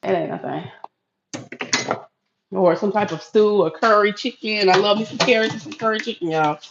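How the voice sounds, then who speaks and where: A woman's voice: mid-range voice, moderate pace, vocal fry, dull audio, background noise. A middle-aged woman from Florida chatting casually with viewers on a live stream while she cooks in her home kitchen. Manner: chatty, addresses viewers as y'all.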